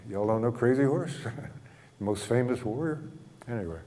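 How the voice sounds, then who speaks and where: A man giving a spiritual talk, telling stories in a gentle, humorous way and chuckling often. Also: medium pitch, lively intonation, slow, a little hiss or hum. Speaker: spiritual teacher. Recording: long hall reverb.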